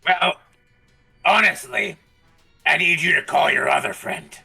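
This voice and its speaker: A man playing a gravelly deadpan badger. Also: fairly high pitch, measured pace, soft background music, full character voice. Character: scrappy badger adventurer, blunt and wry. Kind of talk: tabletop role-play.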